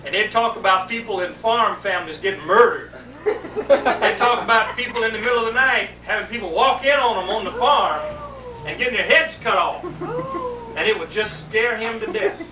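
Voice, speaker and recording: High-voiced man telling a story. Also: moderate pace. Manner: animated, repetitive, comic timing. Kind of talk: humorous family storytelling to an audience. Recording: echoey room, distant mic, noisy.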